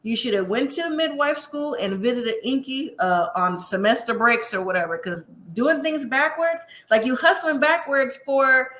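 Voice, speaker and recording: A woman's voice: high voice, normal speed, hardly any pauses, a bit bright. A woman from the US West Coast gives a chatty, sassy recap of a reality show and talks straight to her viewers. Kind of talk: casual recap commentary. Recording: echoey room.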